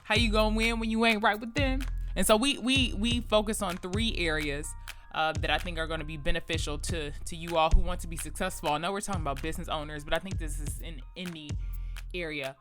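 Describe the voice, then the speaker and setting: A woman from Detroit hosting a live podcast at an expo, chatty and animated, laughing often and breaking into snippets of song. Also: sits low, fairly quick, faint music behind, rough recording. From Detroit, Michigan. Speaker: podcast host. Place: expo venue.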